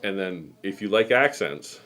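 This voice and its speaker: Middle aged guy hosting, kinda low voice, rambly chatty stories. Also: animated, a little slow, a bit bright. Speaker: host. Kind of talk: casual chat.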